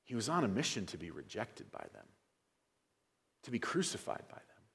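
A man's voice: on the low side, huge pitch swings, moderate pace, gravelly, a bit bright. A man, a pastor, preaching an expository sermon verse by verse, rising in intensity when he quotes scripture.

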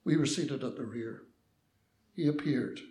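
A man's voice: mid-range voice, measured pace, mellow, reverberant. An older Northern Irish man telling a personal story with mischievous liveliness, acting out the voices.

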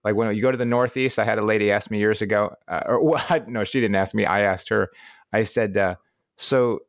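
A man with a Midwestern American accent chats on a podcast in a rather low voice. He rambles, restarts his sentences and laughs often. The sound is close and dry. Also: a little fast, dry recording. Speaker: podcast co-host. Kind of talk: casual chat.

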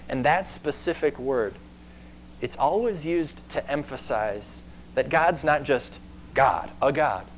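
A man preaching a sermon in an earnest way, slowing down and getting louder to stress key words. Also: mid-range voice, slight background noise, poor audio. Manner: earnest, varies pace and loudness for emphasis.

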